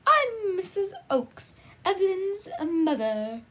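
A young woman voicing a mourning mother in a put-on accent, reading slowly and mock-tearfully. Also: extremely high pitch, sing-song, slight background noise, pitched above the performer's own voice, exaggerated voice. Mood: mock-sad. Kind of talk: game dialogue read aloud.

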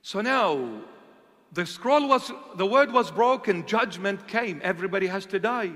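A man's voice: high voice, lively intonation, a bit bright. Male bishop, sermon, rhetorical questions, long echo of a church hall. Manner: asks and answers his own rhetorical questions; slow, deliberate emphasis. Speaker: bishop preaching.

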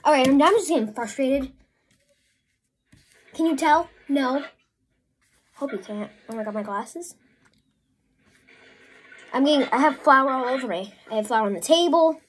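High-voiced, chatty, flustered woman vlogger. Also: animated, unhurried, pauses often, husky. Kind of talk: casual crafting vlog. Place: home, indoors at a work table.

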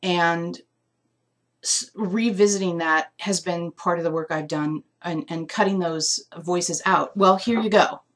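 A woman with a slightly low voice talks through an intuitive essential oil reading live. She muses aloud, trails off and restarts as she hunts for the right words. At times she sounds moved, close to tears. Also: fairly even intonation, unhurried. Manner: musing, searching for words with many fillers.

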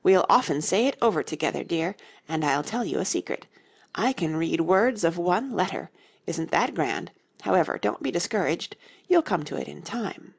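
A woman reading the part of an anxious, muddled elderly queen in a fairy-tale audiobook, talking softly and vaguely. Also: fairly low pitch, animated, normal speed, full character voice. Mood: fretful. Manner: fretful, wandering, breathy and soft.

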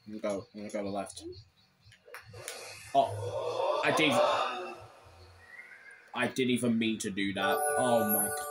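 A man commenting live on his own gameplay, irritable and grumbling, with sudden shouted complaints. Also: lowish voice, steady tone, measured pace, long pauses, over loud music. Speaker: gaming channel host.

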